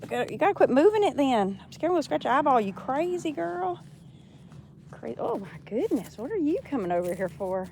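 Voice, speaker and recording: A woman's voice: sits high, big pitch swings, normal speed, creaky, a little mellow, a little hiss or hum. Cooing woman on a farm. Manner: cooing, affectionate baby talk, laughs often. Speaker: farmer. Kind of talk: casual talk to animals. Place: outdoors on a farm among cows. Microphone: handheld phone.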